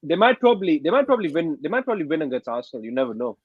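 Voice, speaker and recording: A man's voice: on the high side, very animated, very fast, husky, no echo, narrow, tinny audio. A man chiming in on casual chat, stammering and repeating his words.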